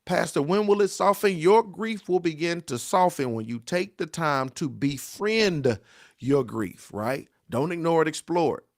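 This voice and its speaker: A middle-aged pastor gives a devotional talk on grief, preaching in a repetitive, exhorting cadence with call-and-response and frequently asking "right?". His voice is on the high side, animated, and a little slow. The studio sound is clean with no echo.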